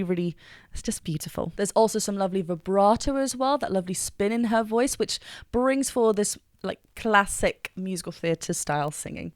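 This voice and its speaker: Woman vocal coach, reaction commentary, eager and technical, sings quick examples; medium pitch, dry sound. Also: no echo.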